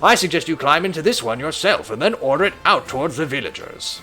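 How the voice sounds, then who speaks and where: A man voicing a loyal male royal advisor in a strategy game, reading instructions in a measured, explanatory way. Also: a little high, animated, pushed and bright, soft background music. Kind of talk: streamer voicing game dialogue.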